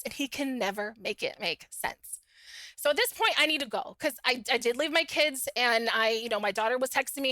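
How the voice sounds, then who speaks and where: Bright high-voiced woman telling a story. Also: brisk, dry recording. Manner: animated, acts out quoted dialogue. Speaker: podcast guest telling her own story. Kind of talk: casual storytelling.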